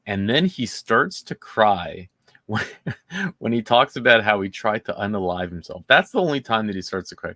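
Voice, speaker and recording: A man hosting a true-crime commentary show in a casual, indignant and sarcastic way, halting often and restarting his sentences. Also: lowish voice, animated, sharp tone, dry recording, studio quality.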